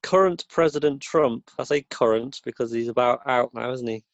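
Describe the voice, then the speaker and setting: A man's voice: medium pitch, normal speed, no room sound, dull audio. A man co-hosting a casual comedy podcast while ill with a dry cough, with laid-back, dry banter. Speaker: podcast co-host.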